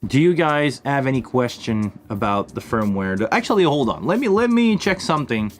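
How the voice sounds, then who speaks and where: A man's voice: mid-range voice, big pitch swings, normal speed, soft background music. A man hosting a casual live stream Q&A, demonstrating a mixing desk while thinking aloud with frequent fillers and restarts. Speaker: live stream host answering viewer questions.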